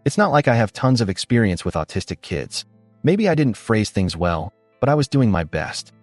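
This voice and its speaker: Casting: male story narrator, low voice with wide swings in pitch, dry close sound, faint music behind. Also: sing-song, moderate pace, no room sound. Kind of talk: scripted narration.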